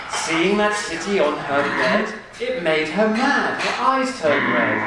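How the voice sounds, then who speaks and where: A man reads a rhyming story to a live crowd, breaking off to joke and laugh with the room. His voice rises and falls a lot and sits a little high. He is caught from a distance in a very echoey room with steady noise behind. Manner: playful, joking, laughs often. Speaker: reader at a live storytelling event. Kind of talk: reading a rhyming picture book aloud with banter.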